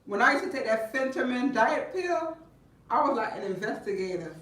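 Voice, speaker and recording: A woman chatting casually with her viewers, telling stories in an animated way, laughing and breaking into loud bursts. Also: a little high, normal speed. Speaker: vlogger talking to viewers. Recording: roomy and distant from the mic.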